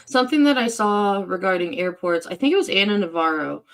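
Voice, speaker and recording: Calm podcast co-host explaining a point. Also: mid-range voice, a little fast, slight background noise. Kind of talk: casual podcast chat.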